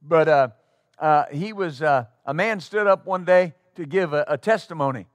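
A male pastor preaching a sermon to his congregation in a church, talking conversationally and then breaking into loud exclamations. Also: fairly high pitch, moderate pace, no room sound. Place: church sanctuary before a congregation.

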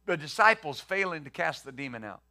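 A man's voice: fairly high pitch, lively intonation, brisk, pushed and bright. A male pastor preaching a conversational sermon, acting out the quotes he reads and the questions he poses.

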